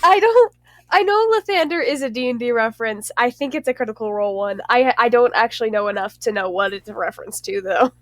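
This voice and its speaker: A woman's voice: a little high, expressive, fast talker, dry recording. A woman playing a tabletop game, chatting casually and thinking aloud with plenty of fillers. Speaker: player.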